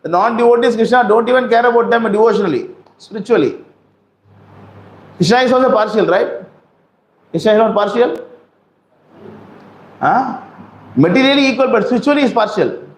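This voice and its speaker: A preacher with a very high-pitched voice gives a scripture class in a temple hall, speaking briskly but with long pauses. He asks rhetorical questions and acts out quotes, and the hall adds roomy echo.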